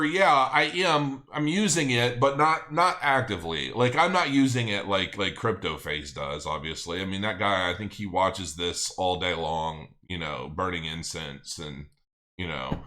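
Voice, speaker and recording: A man's voice: low voice, sharp tone. A middle-aged man hosting a casual livestream, rambling and thinking aloud as he reads viewer comments. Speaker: crypto channel host.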